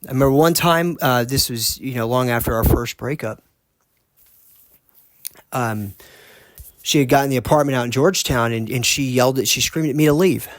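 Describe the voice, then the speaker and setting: A man hosting a podcast, earnestly telling a personal story in a halting way, often restarting his sentences. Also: medium pitch, no echo. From United States. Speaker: podcast host.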